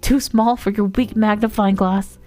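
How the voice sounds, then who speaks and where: A woman's voice: medium pitch, fairly even intonation, moderate pace, a little mellow, soft background music, lightly acted. A woman voicing a fussy, anxious game critter who guards tiny shells, reading its lines in a prickly, defensive way. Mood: fretful. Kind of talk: reading game dialogue aloud.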